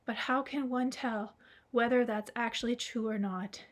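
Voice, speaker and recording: An inquisitive grown man, skeptical and eager, pressing with questions, read by a woman. The voice is on the higher side. It is an audiobook reading. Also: fairly even intonation, moderate pace, lightly acted. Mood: curious.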